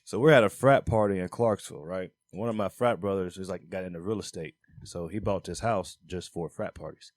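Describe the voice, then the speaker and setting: Lower-voiced man with wry asides. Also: fairly quick, few pauses, no echo, clean studio sound. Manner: wry asides, relaxed storytelling. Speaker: podcast co-host. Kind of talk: casual chat.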